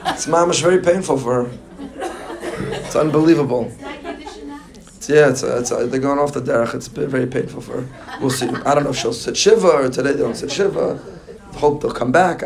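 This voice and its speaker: A rabbi giving a lively sermon, mixing in joking asides and Hebrew and Yiddish terms. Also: male voice, medium pitch, brisk, creaky, a crowd in the background.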